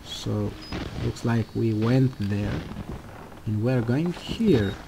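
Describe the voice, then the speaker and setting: A man hosting a let's play of a horror game, talking along excitedly, jumping at scares and swearing at them. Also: medium pitch, very slow, creaky, background noise. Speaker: gaming channel host.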